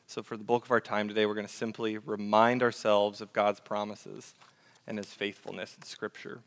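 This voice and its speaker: Earnest young male pastor, smooth low voice. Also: little pitch movement, moderate pace, in a large hall. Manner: earnest and conversational, with fillers and self-corrections. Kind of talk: sermon.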